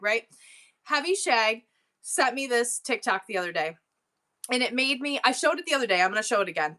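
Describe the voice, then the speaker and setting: A middle-aged woman runs a livestream sale, her voice high and sharp. She talks casually but in a worked-up, emotional, rambling way.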